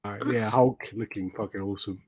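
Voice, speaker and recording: A man's voice: fairly low pitch, steady tone, fast, a little mellow, breathy edge, dry recording. British guy on a podcast, swears a lot, acts out what people said, dry sound. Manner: swearing storyteller, acts out quotes. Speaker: podcast host. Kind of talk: casual chat.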